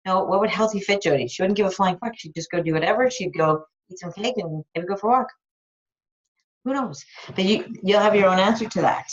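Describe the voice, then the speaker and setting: A woman's voice: mid-range voice, brisk. A woman life coach on a live call, talking frankly and enthusiastically with casual swearing. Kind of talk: live coaching call, answering a listener's question. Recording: dull lo-fi recording.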